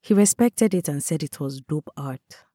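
A woman reading a first-person story aloud in a calm, measured way. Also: low voice, no echo, studio quality. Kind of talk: scripted first-person narration.

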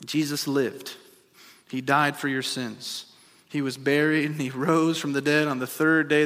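A male pastor preaches in a fairly high, bright and forceful voice. He swings between emphatic repeated refrains and easy, chatty asides to his listeners. His words ring out with the long reverb of a large sanctuary. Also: takes it slowly. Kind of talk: sermon. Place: church sanctuary.

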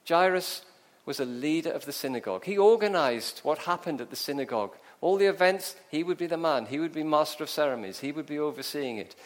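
A man's voice: a little high, expressive, fast talker. Man preaching a dramatic sermon. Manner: storytelling, dramatic, acts out scenes.

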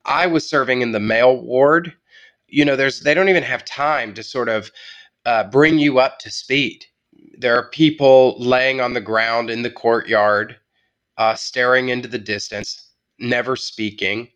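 A man as an interview guest, telling a story in a reflective, measured way with halting restarts. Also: medium pitch, fairly bright tone. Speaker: guest writer.

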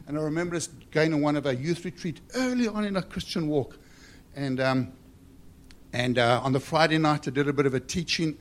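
A man delivers a sermon to a congregation. He talks in a loose, conversational way, then swells into loud, emphatic repeated lines. His voice sits at an ordinary middle pitch. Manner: conversational with emphatic rising refrains. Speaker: preacher.

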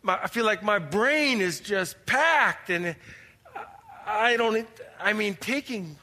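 A man's voice: high-pitched, lively intonation, takes it slowly, bright, forceful tone, full character voice. A man acting as an anxious, overwhelmed churchgoer who pleads with God, exasperated and stammering as he talks. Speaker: actor in skit. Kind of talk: church drama monologue. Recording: reverberant hall.

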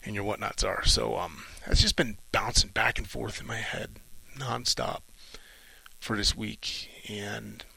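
A middle-aged man muses aloud in a reflective solo monologue, pausing often and coming back to his point. His low voice has plenty of gravelly fry and a bright, forceful edge, and it sounds dry and close with no room echo. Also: steady tone. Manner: thoughtful, musing, speaks in short halting phrases. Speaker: retired Navy officer sharing reflections.

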